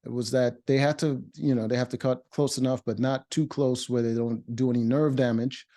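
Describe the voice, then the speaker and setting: Man, mellow tone, casual show recap, blunt opinions, lots of uhs and restarts. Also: medium pitch, steady tone, a little fast. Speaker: reality show reviewer.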